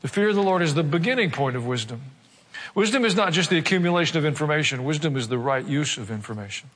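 Pastor guy preaching, kinda high voice, earnest, lots of questions to the crowd, big echoey church. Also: a bit bright. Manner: earnest, asks the congregation rhetorical questions. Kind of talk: sermon. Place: church sanctuary.

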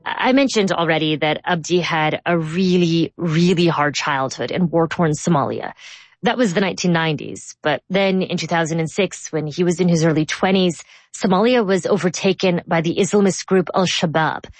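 A woman hosting a news podcast, narrating a scripted story in a measured, clear way and interviewing a guest. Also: on the low side, no room sound. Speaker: host.

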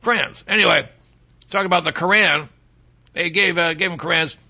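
A man's voice: a little high, fairly even intonation, moderate pace, bright, forceful tone. A man hosting a talk show, delivering a rambling, sarcastic monologue with mocking asides.

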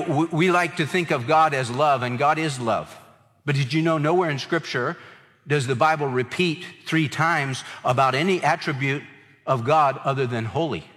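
A man's voice: mid-range voice, a bit bright, big-room sound. A man preaching a sermon as pastor, stressing words by repeating them.

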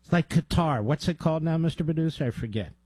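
A male talk radio host with a voice pitched a bit higher than most men. He talks in a combative, mocking monologue full of sarcastic jabs. The sound is dry and close, with no room around it. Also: animated, fast talker, a little mellow, husky, no echo. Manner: mocking asides to his producer.

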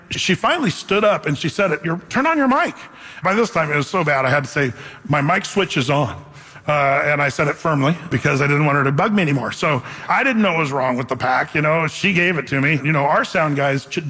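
A middle-aged male pastor preaching a sermon, a lively, joking storyteller. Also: fairly high pitch. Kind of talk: sermon with a humorous personal story. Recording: long reverb of a large hall.

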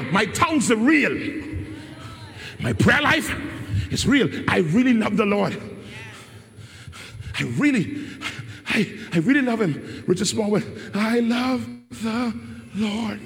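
A man preaching live to a congregation, shouting and calling for responses between laughing asides. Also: high-pitched, expressive, slow pace, vocal fry, long pauses, long reverb tail. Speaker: pastor. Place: church.

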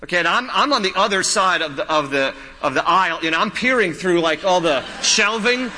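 A man preaching a sermon as a pastor, repeating his key points and telling stories with animated, lively delivery. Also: high voice, brisk, slight background noise. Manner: animated storytelling with laughs and quoted voices. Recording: long hall reverb.

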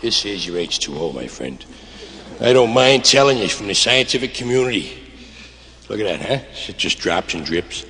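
A man's voice: fairly low pitch, big pitch swings, moderate pace, pushed and bright, a little hiss or hum. A man doing rambling, absurd stand-up comedy with swooping delivery. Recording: reverberant hall.

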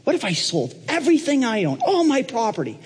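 A man preaching puts on a high, bragging voice to play an eager, boastful businessman begging to be an apprentice. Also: big pitch swings, in a large hall, heavily acted. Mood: boastful excited. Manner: high-pitched, bragging, shouty rapid boasts.

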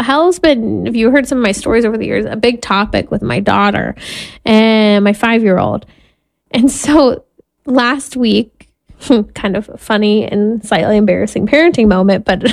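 Woman, 30s, Catholic mother giving a faith talk; earnest, self-deprecating, fairly high voice, dry recording. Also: no room sound. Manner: earnest, candid, laughs at herself while telling family stories. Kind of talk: personal faith talk with storytelling.

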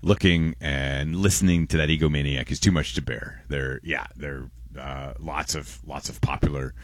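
A young man, hosting call-in talk radio, quick and loose as he reads listener texts aloud. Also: extremely low pitch, fairly even intonation, no echo. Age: young adult. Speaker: radio host. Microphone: close studio microphone.

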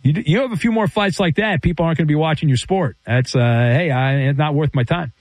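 A man's voice: on the high side, fast talker, hardly any pauses, no echo. A man hosting a sports talk radio show, opinionated and rambling as he argues with callers and tells stories.

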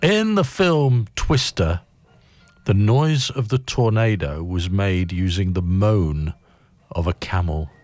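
A man's voice: low voice, lively intonation, takes it slowly, darkish tone, dry recording. A man hosting a breakfast radio show, reading out trivia in a casual, chuckling, rambling way. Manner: chuckling, rambling, self-amused.

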